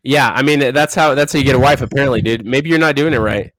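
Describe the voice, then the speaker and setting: A man's voice: medium pitch, steady tone, fast talker, a bit bright, dry recording, low-quality recording. Laid-back podcast guy, dry close mic. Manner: laid-back, says "dude", acts out quotes in mock voices. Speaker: podcast co-host. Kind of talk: casual chat.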